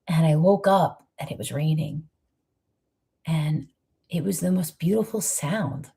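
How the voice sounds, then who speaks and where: A woman shares a reflective motivational message. Her voice is low and mellow, with a husky grain, and she keeps it soft and intimate, often sinking almost to a whisper. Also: measured pace. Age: 50s. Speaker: host giving a monthly inspirational message.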